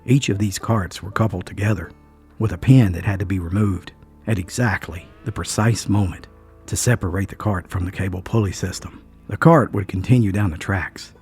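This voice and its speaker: A man's voice: low-pitched, steady tone, normal speed, a little mellow, soft background music. A man narrating a first-person story in an earnest, dramatic way.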